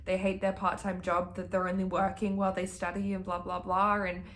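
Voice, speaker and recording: A woman's voice: medium pitch, completely flat delivery, a little fast, fairly bright tone, a little hiss or hum. Gushing young woman vlogger. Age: young adult. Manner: gushing, chatty, swears freely. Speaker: book vlogger. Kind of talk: casual reading vlog chat.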